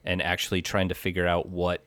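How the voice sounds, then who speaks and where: A man co-hosting a casual movie podcast, speaking in a measured way with frequent uh and um pauses. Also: deep voice, completely flat delivery, fairly bright tone, no room sound, clean studio sound. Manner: measured, hesitant with "uh" and "um" fillers. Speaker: podcast co-host.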